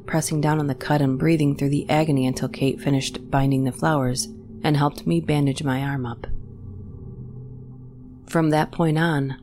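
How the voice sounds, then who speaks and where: A woman reading a first-person horror story in a measured, steady way. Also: deep voice, a little hiss or hum. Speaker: narrator. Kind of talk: scripted horror narration.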